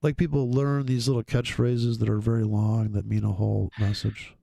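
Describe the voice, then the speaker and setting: Man co-hosting a casual chat, curious and jokey, gravelly and dry. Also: on the low side, level tone, normal speed, dark tone, no room sound. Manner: curious, asks loose questions, jokey.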